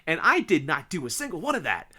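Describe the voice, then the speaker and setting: A man's voice: on the high side, quick pace, husky. Rambling, cursing podcast co-host man. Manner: rambling, swears freely, excitable storytelling. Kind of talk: casual chat.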